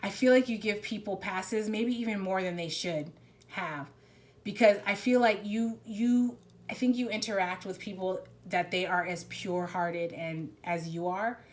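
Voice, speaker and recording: Woman tarot reader, casual spiritual reading, rambling, emphatic delivery, mid-pitched voice. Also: fairly even intonation, measured pace.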